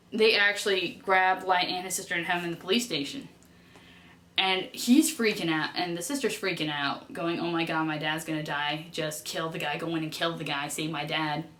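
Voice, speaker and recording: A woman's voice: fairly low pitch, fairly bright tone. A woman vlogger recapping a TV episode in a chatty, gushing way, rambling and correcting herself as she goes. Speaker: vlogger reviewing a TV series. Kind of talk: casual vlog recap. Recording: roomy echo.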